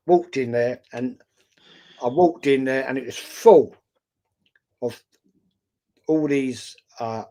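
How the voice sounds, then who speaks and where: A man's voice: medium pitch, creaky. Swearing man telling a pub story. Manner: swears freely, tells anecdotes with acted-out quotes. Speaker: podcast host. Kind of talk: casual storytelling chat.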